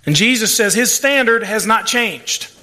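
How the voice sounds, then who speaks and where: A man's voice: high voice, expressive, measured pace, sharp tone. A male pastor preaching a sermon, folksy and plain-spoken, with asides and playful sarcasm. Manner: acts out quoted voices.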